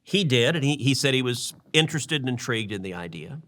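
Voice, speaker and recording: Bright-voiced man in earnest political talk. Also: medium pitch, animated, fast. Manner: earnest, repeats words while building a point. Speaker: podcast co-host, senator.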